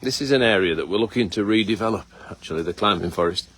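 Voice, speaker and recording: A middle-aged farmer hosts a casual live walkabout outdoors on his farm, chatty and teasing with plenty of fillers. His fairly low voice is fast, a bit bright and slightly rough, filmed on a phone camera held by someone nearby.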